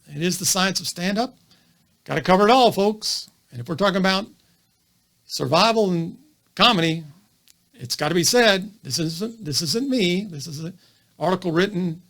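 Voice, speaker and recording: A man, a physician, giving an animated educational video monologue full of rhetorical questions. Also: high voice, vocal fry. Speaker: physician lecturing on comedy.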